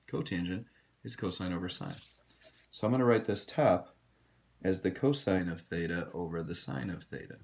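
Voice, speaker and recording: A man teaching a recorded math lesson, direct and instructive, talking to his students. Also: lowish voice. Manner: direct, instructive, addresses students as you guys.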